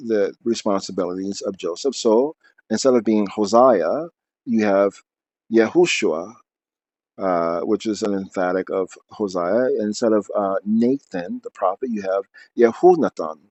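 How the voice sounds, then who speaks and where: A man's voice: lowish voice, measured pace, a little mellow, no echo. A man reading aloud from his book, then explaining at length off the cuff with many fillers and restarts.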